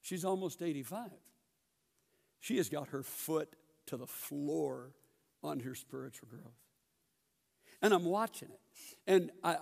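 A middle-aged man teaching a Bible class in a church building, telling stories and questioning the class in a lively way. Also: on the high side, creaky, long reverb tail.

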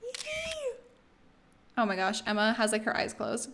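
A young woman casually commenting on a life-sim game as she plays, chatty and excitable, often laughing and squealing. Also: medium pitch, fast talker, slight background noise. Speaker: let's play host.

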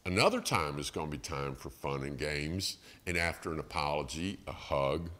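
Animated, bright-voiced middle-aged preacher. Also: male voice, a bass voice, moderate pace. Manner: animated storytelling with acted quotes and chuckles. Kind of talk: sermon. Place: church.

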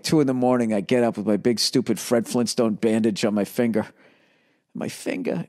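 A man's voice: on the low side, darkish tone. Profane, rambling comedian man. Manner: profane, rambling, lots of fillers and restarts. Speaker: comedian podcast host. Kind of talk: rambling comic monologue.

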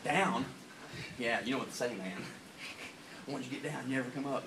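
A man's voice: mid-range voice, moderate pace, noisy background. A man ranting casually to camera as a vlogger, profane and laughing, drifting off topic outdoors in the rain. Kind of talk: rambling casual rant to camera.

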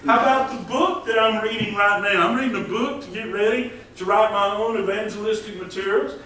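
A man's voice: sits high, fairly quick, bright, forceful tone. A man preaching a folksy sermon as pastor, joking and asking the congregation questions. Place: church hall. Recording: echoey hall, distant mic.

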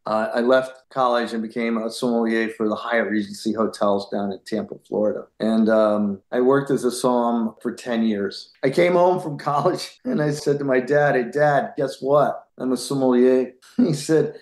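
A middle-aged man from New York, a winery founder telling his career story in an interview, animated, laughing often and acting out the people he quotes. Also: medium pitch, normal speed, hardly any pauses, echoey room.

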